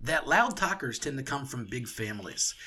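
A man's voice: medium pitch, big pitch swings, moderate pace, pushed and bright. A man co-hosting a podcast in casual banter, rambling through theories with plenty of swearing. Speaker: podcast co-host.

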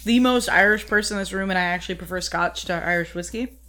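A chatty woman in a casual chat over whiskey, talking with lots of fillers and animated asides. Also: mid-range voice, fast talker.

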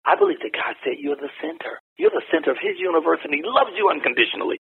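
An older man with a gravelly, raspy voice speaks over a tinny, phone-like line. He talks bluntly and folksily, leaning hard into words with big rises in pitch the way a preacher does. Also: quick pace. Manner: animated, preacher-like emphasis with wide pitch swings; folksy and blunt, laughs while talking. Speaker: interview guest. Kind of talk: candid conversational storytelling.

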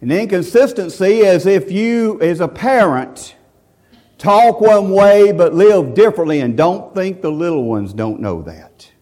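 A man delivering a sermon in a folksy, emphatic, storytelling manner. His voice sits a little high for a man. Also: animated, measured pace, darkish tone. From central Alabama, USA. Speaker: visiting preacher.

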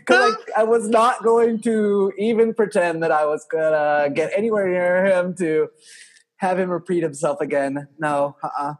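A young man with a somewhat high voice chats casually on a podcast. He tells stories with animated energy, swears freely and laughs often. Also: moderate pace. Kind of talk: casual chat.

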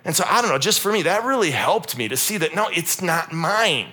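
A man in his forties delivering a church sermon in a bright, forceful voice with fairly high pitch. He preaches in an animated, joking way and keeps slipping into acted-out quotes. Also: brisk, husky. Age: 40s. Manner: animated, humorous, acts out quotes. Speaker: pastor.

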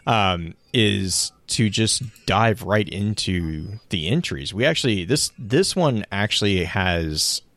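Male podcast host, low voice, close dry mic, loose and chatty. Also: expressive, slow pace, few pauses, a bit bright, dry recording. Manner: reads sponsor notes then chats loosely with restarts. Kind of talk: casual podcast chat.

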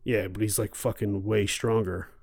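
Swearing, excitable man on a podcast. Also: fairly low pitch, moderate pace, no echo, clean studio sound. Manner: swears often, loose and excitable. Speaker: podcast host. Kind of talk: casual chat.

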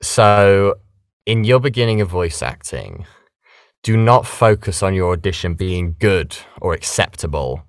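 British male voice actor, low-pitched and very animated, dry close sound, casual interview. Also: measured pace, no echo. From Britain. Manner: lively, chatty, animated explaining. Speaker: voice actor guest.

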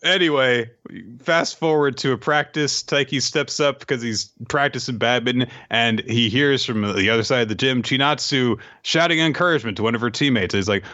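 A man co-hosting a casual podcast, recapping an anime with animated, laughing delivery and acting out the characters' lines. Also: mid-range voice, a little fast, hardly any pauses, highs cut off. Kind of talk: casual chat.

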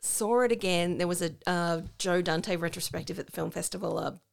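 Gravelly-voiced woman podcast co-host. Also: lowish voice, a little fast. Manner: reflective, talks through her opinions at length. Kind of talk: casual chat.

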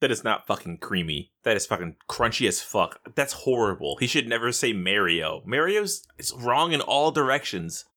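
Brief: bright, animated male podcast co-host, swears freely, big pitch jumps. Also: normal speed, hardly any pauses. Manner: profane, excitable, swings pitch up sharply. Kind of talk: casual gaming podcast banter.

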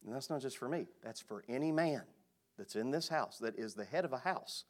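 Guy pastor preaching a sermon, mid-pitched voice, goes quiet then punches words out loud. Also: expressive, fairly quick. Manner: emphatic preaching, swings between quiet and loud bursts.

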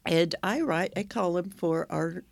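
A man's voice: high voice, a little slow, creaky, no room sound. A man from Oklahoma co-hosting a casual podcast, chatty and explaining at length with frequent laughs. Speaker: podcast co-host. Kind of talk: casual chat.

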